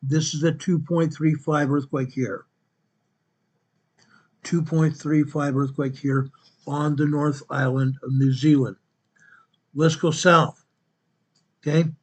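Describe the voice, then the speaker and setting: Man, fairly high voice, earthquake map report, repeats numbers, self-correcting. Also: level tone, slow, long pauses, breathy edge. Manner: repetitive, restates each quake figure; corrects himself mid-sentence. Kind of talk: narrating a map-based earthquake update.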